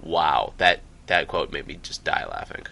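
A man's voice: rumbling low, expressive, a little slow, gravelly, sharp tone. A man co-hosting a podcast, chatting casually and rambling with frequent restarts. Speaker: podcast co-host. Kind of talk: casual gaming chat.

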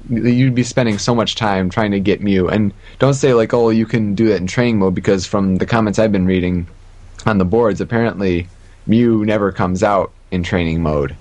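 A man's voice: lowish voice, moderate pace, darkish tone. A man hosting a casual gaming podcast, steering the talk between topics with a joking manner. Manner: leads the segments, jokey. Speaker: podcast host.

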